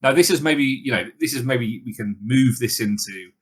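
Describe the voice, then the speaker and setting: A man's voice: mid-range voice, normal speed, breathy edge. A man co-hosting a casual podcast chat, jokey and talkative. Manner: chatty, jokey, puts on mock voices. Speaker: podcast co-host.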